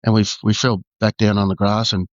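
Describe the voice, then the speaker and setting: Low-voiced Australian man, halting storyteller. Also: flat delivery, dry recording, lo-fi sound. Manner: halting, full of "you know" and restarts. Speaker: guest, former undercover detective. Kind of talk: candid storytelling.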